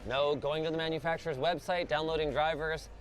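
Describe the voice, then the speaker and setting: A man hosting a tech video, commenting excitedly as he tries games and software. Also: a little high, a little fast, faint music behind. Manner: excitable, exclamatory while gaming.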